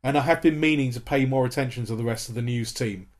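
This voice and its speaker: A man's voice: mid-range voice, quick pace. A man in his thirties co-hosting a podcast, chatting with enthusiasm and many fillers and restarts. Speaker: podcast co-host. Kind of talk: casual chat about a TV series.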